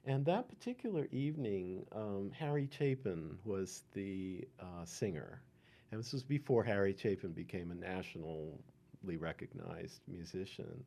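An older man reminisces in an oral history interview, with an easy, unhurried storytelling manner full of ums. His voice sits low and mellow. His pitch rises and falls in lively swings. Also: creaky. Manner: unhurried, many ums, chuckling.

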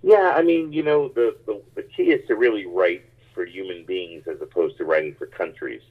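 A man who grew up in the United States, a stand-up comedian telling rambling, animated stories in a casual interview. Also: deep voice, moderate pace, slightly rough. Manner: animated, rambling anecdotes with many restarts. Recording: tinny phone-like line.

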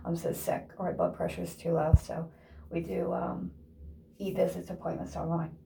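A woman's voice: on the low side, huge pitch swings, moderate pace, vocal fry, warm tone, a little hiss or hum. A woman talking casually to camera in a rambling, chatty way, laughing often and sometimes dropping to a whisper. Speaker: vlogger. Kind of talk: casual vlog chat.

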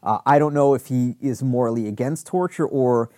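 A man's voice: medium pitch, moderate pace, warm tone, dry recording, clean studio sound. A man giving casual reaction commentary on a show, rambling with many restarts. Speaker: show reviewer.

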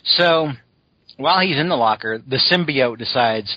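A man talks in a loose, rambling way, full of fillers and restarts, with a husky, scratchy throat. His voice is bright and sharp, close and dry, on a somewhat dull, lo-fi recording. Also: medium pitch, lively intonation, moderate pace, no echo. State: scratchy throat, clearing it often. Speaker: podcast host reviewing a cartoon. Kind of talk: casual chat.

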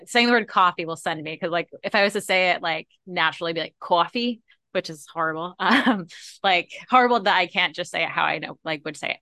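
A woman from Rhode Island co-hosting a casual podcast, her voice lower than most but bright and forceful. She chats animatedly and fills her sentences with little hesitations. The sound is close and dry. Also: no echo. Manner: animated, talks with lots of fillers. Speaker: podcast co-host.

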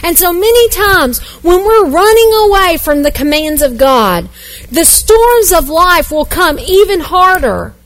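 Woman, pastor, high voice, earnest preaching, repetitive emphasis. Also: lively intonation, measured pace. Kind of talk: sermon.

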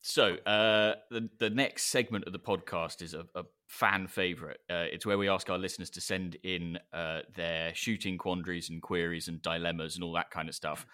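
A man's voice: low-pitched, steady tone, normal speed, few pauses, sharp tone, clean tone. A man co-hosting a podcast, chatting casually and explaining things at length with plenty of fillers. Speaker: podcast co-host.

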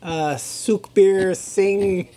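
A man with a high voice co-hosts a casual podcast. He reads the news in a loose, halting way and breaks off for dry, self-mocking jokes. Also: fairly even intonation, a loud crowd. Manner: wry, self-deprecating quips. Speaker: podcast co-host.

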